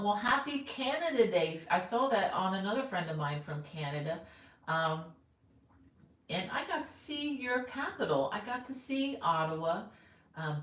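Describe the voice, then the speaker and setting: A woman's voice: on the low side, reverberant, low-quality recording. A middle-aged woman teaching crochet, chatting casually on a live stream and greeting viewers by name.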